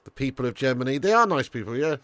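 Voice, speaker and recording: A man's voice: mid-range voice, animated, fast, a bit bright, no echo. A man hosting a live football watch-along, casual and chatty, swearing freely and calling viewers lad as he reads the chat. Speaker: streamer and watch-along host.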